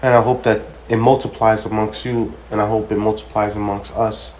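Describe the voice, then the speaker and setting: A man's voice: lowish voice, flat delivery, a little fast, a little mellow, a little hiss or hum, poor audio. A man hosting a ministry show, talking casually and preacher-like, repeating phrases for emphasis and acting out quoted conversations as he tells stories. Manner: storytelling that acts out quoted dialogue. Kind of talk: casual spoken testimony.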